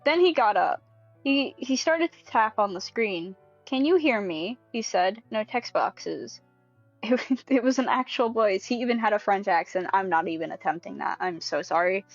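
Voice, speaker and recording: A young woman with a mid-range voice reads a creepypasta aloud casually, quick, giggly and sweary, often stopping to laugh and comment. The recording is dry and muffled, with soft background music.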